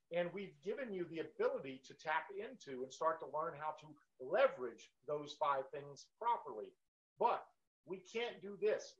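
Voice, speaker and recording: A man co-hosting a live marketing stream, pitching in an emphatic, motivational way. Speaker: co-host of a marketing webinar. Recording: dull, lo-fi stream audio.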